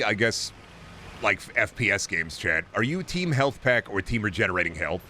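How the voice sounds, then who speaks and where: A man's voice: on the low side, expressive, moderate pace, pushed and bright, a little hiss or hum. A man streaming a shooter game, talking to his chat in a profane, blunt and mocking way. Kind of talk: casual game commentary to chat.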